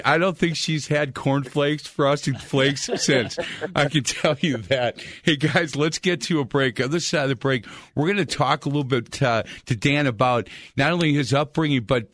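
A man hosting a sports radio talk show, telling a story in a chatty, lively way. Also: medium pitch, normal speed, dry recording.

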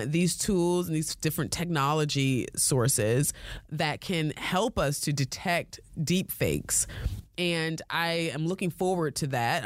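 A woman's voice: sits low, no echo. Chatty woman, dry close sound. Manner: chatty, laughs often, frequent fillers. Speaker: podcast host. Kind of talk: casual solo talk.

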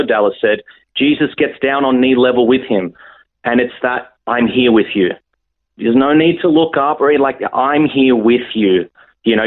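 A young man speaking as a guest over the phone, hesitant and full of restarts. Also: medium pitch. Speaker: guest actor. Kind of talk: phone interview. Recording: tinny phone line.

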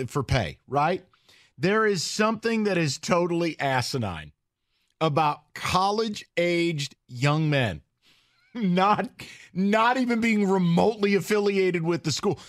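A man with a somewhat high voice co-hosts a sports talk show, making blunt, emphatic points and ribbing his colleagues. The recording is dry and close. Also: animated, measured pace, no echo. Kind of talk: lively sports debate.

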